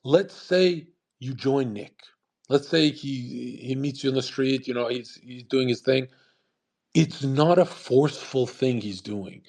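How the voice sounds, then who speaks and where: A man's voice: mid-range voice, a little slow, a little mellow. A man hosting a show, talking in a rambling, profane, emphatic monologue that often restarts mid-sentence. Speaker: host. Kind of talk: casual monologue commentary.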